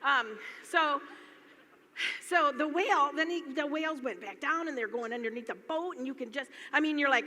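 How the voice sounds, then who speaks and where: A woman from Michigan with a high, bright voice tells loose, giggly stories from a stage, always drifting back with "anyway." Her voice rings in a large hall with long reverb. Faint noise sits under the recording. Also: expressive, moderate pace. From Michigan, USA. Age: middle-aged. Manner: rambling, chatty, laughs often, keeps saying "anyway". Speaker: speaker at a business event. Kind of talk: casual storytelling talk to a live audience. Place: large hall before an audience.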